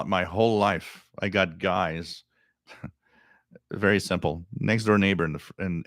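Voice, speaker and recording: A middle-aged man with a deep voice hosting a radio live stream, chatting casually and reading viewer comments, rambling and repeating words. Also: a bit bright, dry recording, clean studio sound.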